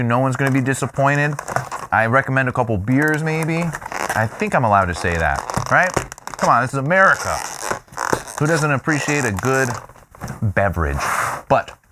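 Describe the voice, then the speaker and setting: A man reviews takeout dishes in a casual vlog, playful and a little self-mocking, with his pitch swinging widely between lines. His middle-pitched voice sits over a faint noise floor. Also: sharp tone. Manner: playful, self-mocking, exaggerated tasting reactions. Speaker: food reviewer host.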